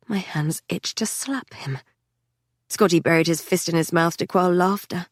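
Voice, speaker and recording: Brief: female audiobook narrator, measured and even, dry close sound. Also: lowish voice, no room sound.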